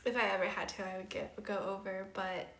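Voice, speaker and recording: A woman's voice: medium pitch, little pitch movement, fast, a bit bright. A young woman streamer telling a story in casual chat, laughing often and using lots of fillers. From Canada. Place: house room. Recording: roomy echo.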